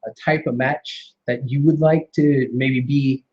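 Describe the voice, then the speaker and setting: A man's voice: mid-range voice, fairly even intonation, a little slow, dull audio. A man hosting a live wrestling radio show, chatting casually with a guest, laughing often and keeping things moving. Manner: laughs often, easygoing, wraps up segments. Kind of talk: casual interview chat.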